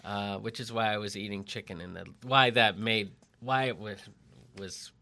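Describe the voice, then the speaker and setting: A middle-aged man with a low, bright and forceful voice talks casually on a podcast. He rambles, jokes and restarts his sentences often as he speaks. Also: fairly even intonation, normal speed, gravelly. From Lexington, Massachusetts. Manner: rambling, self-interrupting, joking. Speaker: mobile strategist and copy editor. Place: separate barn at home.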